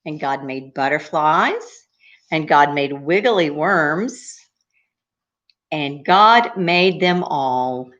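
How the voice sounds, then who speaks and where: A woman telling a story to young children, her low voice swooping up and down in a lively sing-song. She takes it slow and gently stops to ask the little ones questions. The recording sounds dull and lo-fi.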